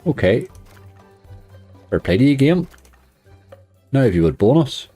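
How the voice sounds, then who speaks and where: A man's voice: mid-range voice, sing-song, a little slow, dark tone, faint music behind. A man hosting a late-night slots live stream, chatting casually, greeting viewers and laughing often. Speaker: slot streamer.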